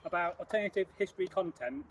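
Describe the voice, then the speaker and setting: A man's voice: high voice, fast talker, a bit bright, a little hiss or hum. A man in his forties from England hosting a casual livestream, rambling and self-correcting as he tells stories. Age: 40s. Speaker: host.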